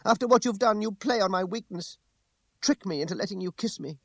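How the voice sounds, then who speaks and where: A man's voice: mid-range voice, expressive, normal speed, vocal fry, no echo. A man reading an audiobook, raising his voice to play a proud young woman who speaks with bitterness and contempt. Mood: bitter fury.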